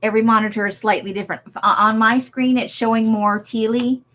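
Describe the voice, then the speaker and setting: A woman's voice: on the high side, fairly even intonation, fairly quick, a bit bright. Chatty woman hosting a craft livestream. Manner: chatty, laughs often, reads and answers viewer comments. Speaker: livestream host. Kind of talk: casual livestream chat.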